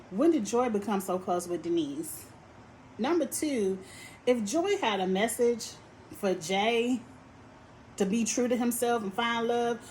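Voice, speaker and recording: A woman giving a sassy, animated recap of a reality dating show, talking straight to the cast. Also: a little high, a little hiss or hum, low-quality recording. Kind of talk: casual opinionated recap.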